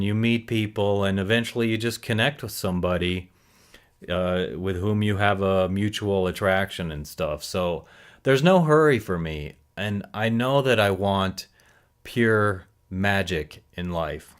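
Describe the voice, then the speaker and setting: A man in his forties talks through his thoughts in a loose, rambling monologue, often stopping to correct himself. His voice sits fairly low, and his tone is reflective and casual, as in a personal recovery vlog. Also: clean tone. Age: 40s. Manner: rambling, self-correcting, musing aloud. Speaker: recovery vlogger.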